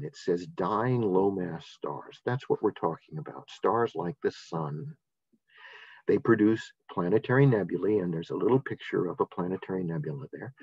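Deep-voiced enthusiastic older science teacher. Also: male voice, a little mellow, slightly rough, no echo. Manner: enthusiastic, casual, with frequent fillers and restarts. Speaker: presenter. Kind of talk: science lesson talk. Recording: dull, dry lo-fi sound.

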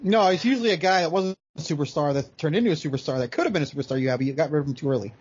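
A man's voice: fairly high pitch, rapid-fire, a little mellow, slightly rough, muffled recording. A man co-hosting a casual podcast who chimes in with short questions and bits of sports trivia. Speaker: podcast co-host.

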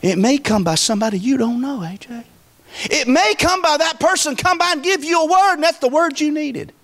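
A man preaching a sermon as pastor, folksy and emphatic, with wide swings of pitch and volume. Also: animated, a little fast, a bit bright.

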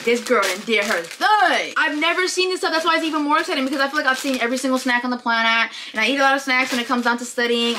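A young woman vlogging an unboxing in a casual, gushing, excitable way, filling her talk with "like". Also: fairly high pitch, noisy background. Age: young adult. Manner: gushing, excitable, says "like" often.

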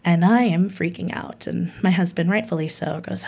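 Lively young woman telling a personal story. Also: fairly low pitch, moderate pace, vocal fry, breathy edge. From Hawaii. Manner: candid, laughs often, quotes people with voices.

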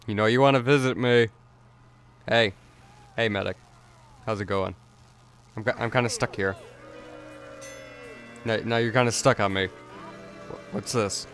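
A man's voice: lowish voice, fairly even intonation, a little slow, long pauses, a bit bright, clear, resonant tone, faint music behind. A man giving casual let's play commentary, rambling with stammered restarts and chuckles.

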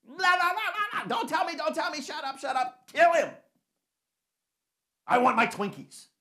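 A man's voice: very high-pitched, lively intonation, normal speed, bright, forceful tone, pitched above the performer's own voice, heavily acted. A man voicing a whiny, stubborn adult who refuses any correction, mocking and petulant.

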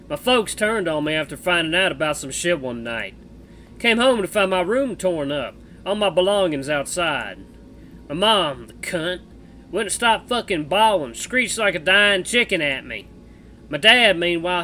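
A man voicing a gruff, foul-mouthed male bat-man with a put-on cowboy drawl, reading a visual novel aloud in a loud, blunt way. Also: high voice, animated, normal speed, a little hiss or hum, voice pushed up.

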